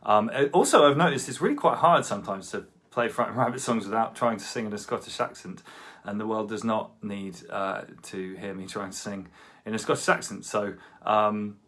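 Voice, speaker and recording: A man's voice: on the low side, a little fast, fairly bright tone. A man talking casually between songs on a home livestream gig, hesitant and full of ums and restarts. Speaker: musician playing a livestream gig. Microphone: computer livestream. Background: guitar.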